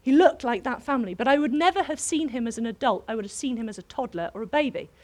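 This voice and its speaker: A woman preaching to a congregation, telling a personal story in an animated way that keeps breaking into laughter. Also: fairly high pitch, fast talker. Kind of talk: sermon storytelling.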